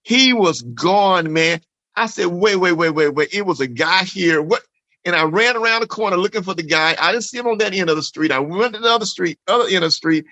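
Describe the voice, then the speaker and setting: Male interview guest, emphatic testimony, raspy fry, dry close sound. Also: high-pitched, lively intonation, a little fast, pushed and bright, dry recording, dull audio. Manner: earnest, emphatic storyteller, repeats phrases, says "man" often. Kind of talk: emotional personal testimony in conversation.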